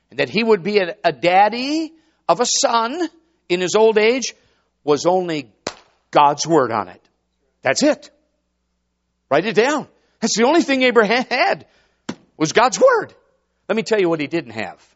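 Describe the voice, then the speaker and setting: A man's voice: sits high, a bit bright, lo-fi sound. A man preaching a sermon, dramatic and rhetorical, calling out to the congregation. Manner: dramatic, swooping, rhetorical, call-and-response.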